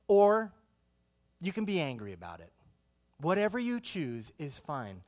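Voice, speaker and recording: Rhetorical questions fill this middle-aged pastor's sermon, which he delivers in an animated, conversational style. His pitch is fairly high.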